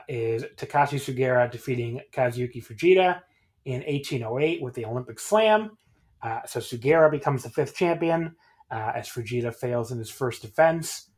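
A man's voice: mid-range voice, slightly rough. A man casually reviewing wrestling shows on a podcast, rambling with lots of fillers and little chuckles.

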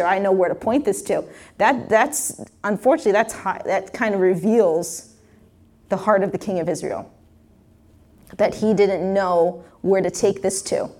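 A woman's voice: mid-range voice, darkish tone. A woman preacher reading a scripture passage aloud and explaining it in a casual, conversational way with frequent restarts.

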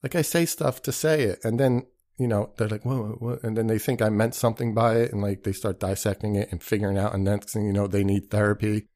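A podcast host talks fast in a lowish, steady, slightly mellow male voice, rambling through a casual monologue full of profanity and self-deprecation. He plays out the people he quotes.

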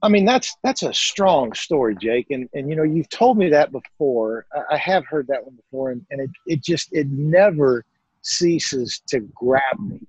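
A man hosting a podcast who reflects on a guest's story, halting and repeating words as he starts sentences. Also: fairly high pitch, expressive, darkish tone, slightly rough, no echo, dull audio. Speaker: podcast host. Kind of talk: casual conversation.

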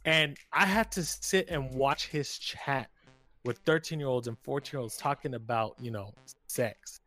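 In an unhurried, medium-pitched voice with a sharp tone, a man co-hosting a casual podcast tells a lively story peppered with slang and frequent cursing. There's faint music in the background.

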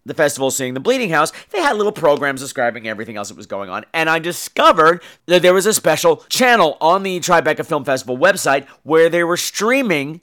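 Male podcast host, high voice that swings all over, wisecracking film reviewer. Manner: animated, jokey and profane. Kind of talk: casual film review monologue.

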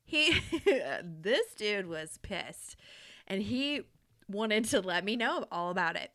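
A young woman hosting a podcast, telling a story in a casual, animated way, laughing often and swearing freely. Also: medium pitch, takes it slowly. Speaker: podcast host.

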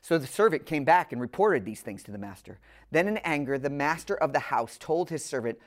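A woman preaching a sermon, speaking directly to her listeners in an earnest, emphatic way and slowing down on key phrases. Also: low voice, animated.

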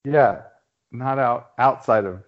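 A man's voice: medium pitch, slow. Emphatic man on a dull lo-fi call. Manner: emphatic, profane, building up to a punchline. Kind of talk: casual podcast chat. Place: home outside a big city, on a phone hotspot. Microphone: remote call over a phone hotspot.

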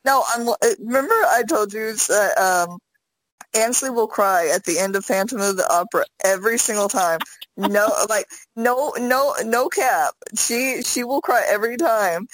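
A woman co-hosting a podcast, chatting casually and animatedly, often slipping into high quoted voices. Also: normal speed, rough recording. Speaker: podcast co-host. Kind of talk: casual chat.

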